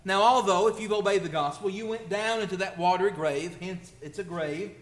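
A man's voice: high-pitched, brisk, echoey room. A male preacher delivering a conversational sermon, asking rhetorical questions and building emphasis. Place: church.

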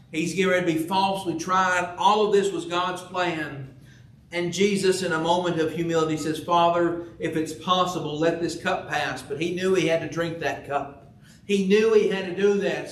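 A man's voice: a little high, a bit bright. A man preaching a sermon to his congregation, stressing key words as he builds his points. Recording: echoey room, from far off.

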